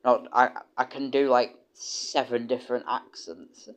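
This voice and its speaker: A man's voice: medium pitch, steady tone, a little slow. A young British man streaming, chatting casually and rambling with many restarts and casual swearing. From United Kingdom. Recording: dull lo-fi stream audio.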